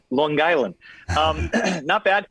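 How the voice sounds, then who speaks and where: A man's voice: fairly high pitch, very slow, a bit bright, slightly rough, no room sound, poor audio. Chatty man on a dry video call. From Los Angeles. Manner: chatty, many fillers and restarts. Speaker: guest singer and actor. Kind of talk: casual interview over video call.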